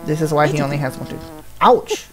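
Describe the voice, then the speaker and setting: Woman gamer, chatty, jokey asides, scratchy voice, fairly low voice, game music behind. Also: little pitch movement, very fast. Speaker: gaming channel host. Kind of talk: Let's Play commentary.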